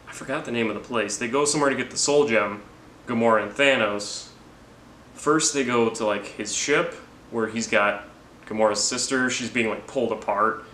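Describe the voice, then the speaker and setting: A man's voice: medium pitch, a bit bright, a little hiss or hum. A man giving a rambling, jokey, profane movie recap. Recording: roomy with faint ambience.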